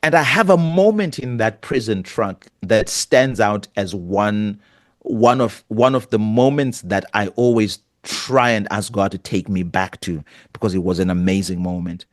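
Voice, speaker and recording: A man's voice: lowish voice, measured pace, dry recording. Middle-aged man, pastor guest, earnest emotional storyteller, dry close sound. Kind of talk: storytelling interview.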